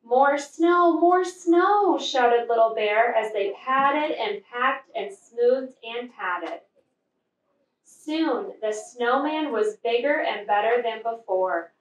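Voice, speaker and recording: A woman, a teacher, reading a picture book aloud to children in a slow, expressive way. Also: fairly high pitch. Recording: echoey room from far off.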